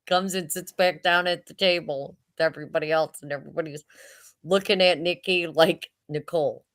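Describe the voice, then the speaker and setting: Low-voiced older woman telling stories. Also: brisk. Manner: laughs through her telling, chatty and animated. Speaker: mother telling family stories. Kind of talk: casual storytelling.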